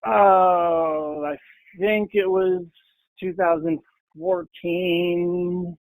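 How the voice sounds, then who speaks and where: A man's voice: high-pitched, steady tone, drawn-out words, no room sound, rough recording. A man in a casual interview, talking bluntly and with passion about his own trading. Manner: blunt, passionate, mimics people in quotes. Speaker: podcast guest, full-time trader.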